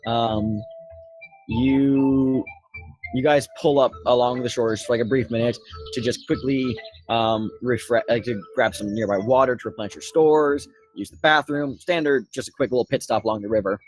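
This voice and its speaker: A man narrating a tabletop game as game master, talking haltingly with many fillers. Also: medium pitch, soft background music.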